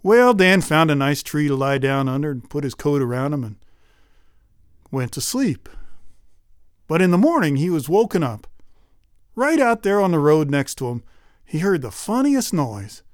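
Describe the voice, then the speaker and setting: A man telling a folk tale in a folksy, animated way. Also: on the high side, moderate pace, long pauses, no echo, studio quality. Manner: folksy, animated, lively voices. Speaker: storyteller.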